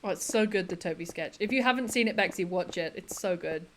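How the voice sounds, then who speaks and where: A woman's voice: lowish voice, fast, a little hiss or hum. A woman chatting casually on a livestream, laughing often and quoting comedy lines. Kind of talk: casual chat with chat while gaming.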